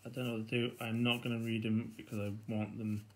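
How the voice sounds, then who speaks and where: A British man hosting a board game unboxing, chatting casually and getting easily excited, laughing to himself. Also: medium pitch, fast talker, slight background noise.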